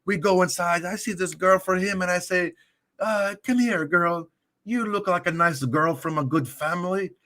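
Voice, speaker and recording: A man putting on a friendly, crude male Russian cab driver with a Russian accent, drawling and high for him. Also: normal speed, sharp tone. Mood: amused. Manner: mock accent, raised pitch, drawn out.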